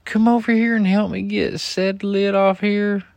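A cloying, high wifely plea, put on by a man poking fun at her in a mocking falsetto. The words drag out slowly. It is recorded close and dry, with no room sound. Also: little pitch movement, gravelly, a little mellow, dry recording. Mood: mock-sweet. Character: sugary-sweet wife asking a favor.

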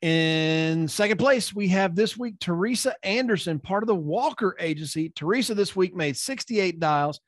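Upbeat male meeting host, slightly high voice, dry close sound. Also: expressive, moderate pace, few pauses, no room sound. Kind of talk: meeting hosting on video call. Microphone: video call.

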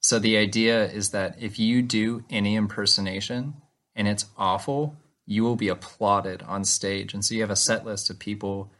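A man co-hosting a podcast in casual chat, playfully pitching ideas and joking with his co-host. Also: a bit bright.

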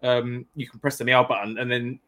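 A man's voice: mid-range voice, little pitch movement, brisk, fairly bright tone. A man co-hosting a casual chat about a game, rambling and reading out chat comments. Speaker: podcast co-host.

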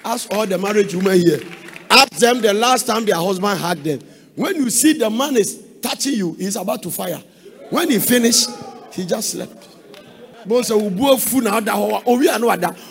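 A man from Ghana with a Ghanaian accent, preaching a sermon in a sing-song way that breaks into sudden shouts. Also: high-pitched, animated, moderate pace, creaky.

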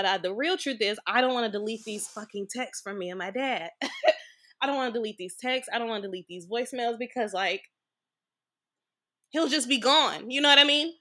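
Bright-voiced woman telling a blunt personal story. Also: medium pitch. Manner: blunt, frank, peppered with swearing. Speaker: podcast guest.

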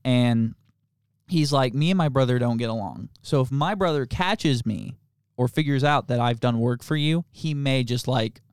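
A podcast co-host, a man, wanders through anecdotes in easygoing talk, his stories full of fillers and broken up by regular laughter. The voice is mid-range and clean-toned at a moderate pace, recorded in studio quality with no room sound.

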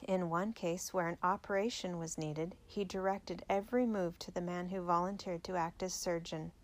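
A woman narrating a biography aloud in a measured, clear storytelling manner. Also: medium pitch.

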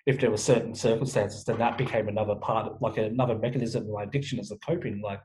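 A man's voice: fairly low pitch, fairly even intonation, quick pace, hardly any pauses, a little mellow, low-quality recording. A young man talking frankly as an interview guest, swearing often and restarting his sentences. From Australia. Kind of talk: candid interview talk.

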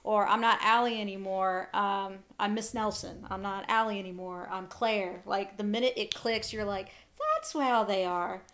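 With a mid-range voice at a moderate pace and hardly any pauses, this podcast co-host talks casually about acting. She tells her stories with animation, performing the quoted lines herself.

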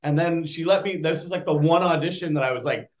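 A man with a somewhat high speaking voice, an actor telling stories in a relaxed interview. He talks in an animated way and acts out the people he quotes. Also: quick pace. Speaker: actor guest. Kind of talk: casual interview chat.

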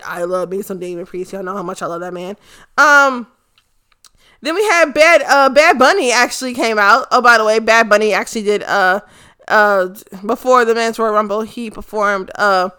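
A woman giving a casual, excited and profane recap of a wrestling event, rambling with lots of fillers. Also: a little high, moderate pace, clean tone. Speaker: fan commentator.

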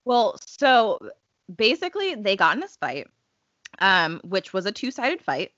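A woman's voice: mid-range voice, measured pace, no echo, highs cut off. A woman co-hosting a casual chat, telling events emphatically and swearing freely. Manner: animated, emphatic storytelling with swearing. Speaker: podcast co-host.

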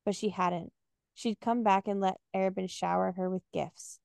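A woman's voice: medium pitch, steady tone, normal speed, creaky, a little mellow, no room sound, clean studio sound. Podcast woman reading a novel aloud. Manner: recaps and reads passages aloud with fillers. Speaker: podcast co-host.

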